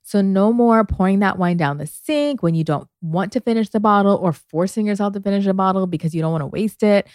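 Chatty female co-host, mid pitch, dry close mic, lots of "like". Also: a little fast, hardly any pauses, a little mellow, no room sound. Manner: chatty, laughs often, says "like" a lot. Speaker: podcast co-host. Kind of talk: casual chat with ad read.

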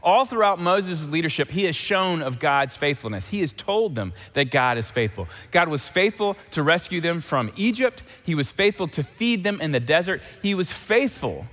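A man preaching a sermon as pastor, animated and emphatic, repeating key phrases. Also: on the high side, in a large hall.

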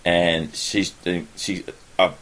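Rambling Australian man, low voice. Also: steady tone, takes it slowly, a bit bright. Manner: rambling, self-correcting, chuckling. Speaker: podcast host. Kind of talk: casual chat.

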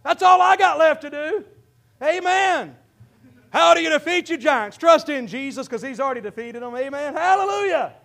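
A pastor with a Midwestern American accent preaching a fervent sermon, often breaking into shouts and calling out to his congregation. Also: extremely high pitch, moderate pace, creaky.

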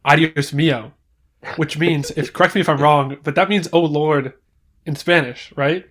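A man co-hosting a casual podcast, recapping scenes in a rambling, halting way with many restarts. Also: a little high, a bit bright. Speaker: podcast co-host. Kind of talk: casual chat.

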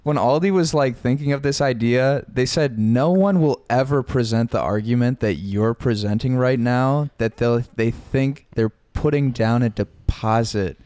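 A man in casual podcast chat, making deadpan quips and arguing stubbornly. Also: medium pitch, a little slow, few pauses, no echo.

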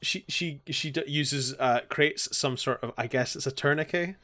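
A man's voice: on the high side, normal speed, bright, forceful tone. A man co-hosting a podcast, casually recapping an anime with sarcastic jokes and frequent laughs. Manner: joking, sarcastic, laughs often. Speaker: podcast co-host.

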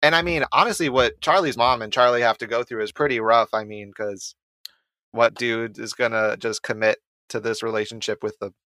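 Man, laid-back, hesitant, bright tone, dry close sound. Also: mid-range voice, fairly even intonation, a little fast, no echo. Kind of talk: casual movie chat.

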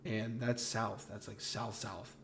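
A man's voice: on the low side, slow, gravelly, slight background noise. A young man from the American South with a Southern accent, chatting casually and telling stories with lots of "like" fillers. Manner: relaxed storytelling with frequent "like" fillers. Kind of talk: casual chat.

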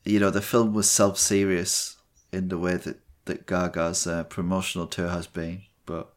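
A man co-hosting a film podcast, speaking in measured, hedging casual chat. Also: low-pitched, little pitch movement. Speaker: podcast co-host.

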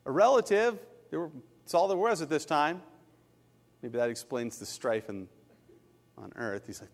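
A man's voice: fairly high pitch, moderate pace, creaky, long pauses, in a large hall. A man preaching a sermon as a pastor, telling stories with animation and acting out the quotes. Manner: animated storytelling, acts out quotes.

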